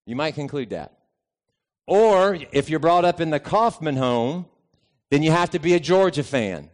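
A man's voice: a little high, lively intonation. Easygoing middle-aged male pastor preaching. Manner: conversational and easygoing, with frequent pauses. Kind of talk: sermon with personal storytelling.

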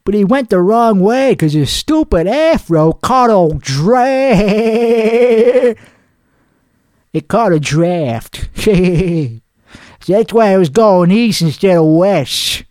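Man putting on a high, brash comedy persona, crude and rambling, boastful improvised monologue, dry close sound. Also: expressive, slow pace, a little mellow, dry recording. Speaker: podcast host.

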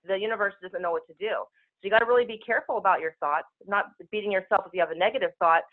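A woman speaking as a spiritual healer guest, talking very fast in casual, rushing speech over a telephone call-in. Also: mid-range voice. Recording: tinny phone line.

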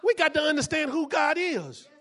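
A man preaching a sermon as pastor, often shouting and repeating phrases, calling out to the congregation for responses. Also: very high voice, sing-song, moderate pace, some chatter behind.

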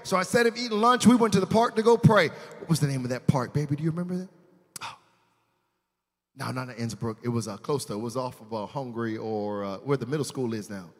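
A man preaching a sermon as pastor, telling a personal story in casual slang and building from quiet asides to loud, shouted praise. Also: mid-range voice, animated, quick pace, in a large hall. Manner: casual slang, addresses congregation as fam.

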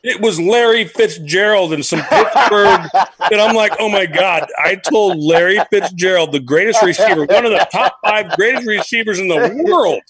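A man's voice: sits high, normal speed, fairly bright tone. A man, a former baseball player, chatting enthusiastically and telling locker-room stories. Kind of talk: casual chat.

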